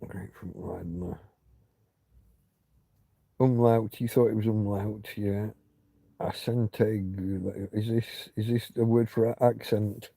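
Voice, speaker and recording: A man's voice: on the low side, little pitch movement, a little slow, vocal fry, dark tone, dry recording. Chatty man rambling on a livestream. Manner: chatty, self-interrupting, swears casually. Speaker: livestream host. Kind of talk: rambling casual chat.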